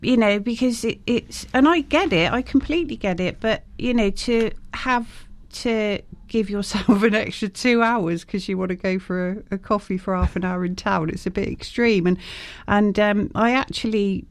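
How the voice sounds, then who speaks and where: Brief: chatty, frank woman guest, mid pitch, close dry sound. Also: normal speed, no room sound. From England. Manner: chatty, frank, many fillers and restarts. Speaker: guest, shop owner. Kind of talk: casual conversational interview.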